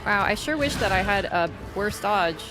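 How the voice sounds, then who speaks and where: Excitable woman streaming a game. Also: mid-range voice, moderate pace. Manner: excitable, swears often, yelps when startled. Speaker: streamer playing a video game. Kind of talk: casual live-stream gaming chat. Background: game music.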